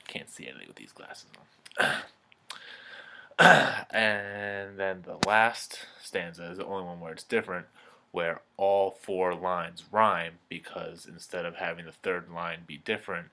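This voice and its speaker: Deep-voiced young man, bright tone. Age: 20s. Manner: relaxed and chatty, with frequent ums and throat clearing. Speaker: student. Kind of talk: poem recitation and casual analysis.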